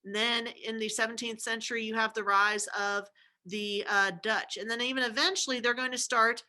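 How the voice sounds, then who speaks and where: A woman lectures on history in a chatty, informal way. Her voice is bright and clear, and she keeps checking in with her students and tossing in wry jokes as she goes. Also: fairly high pitch, fairly even intonation, normal speed. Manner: chatty and informal, with frequent "okay?" check-ins and jokey asides. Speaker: history teacher. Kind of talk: recorded classroom lecture.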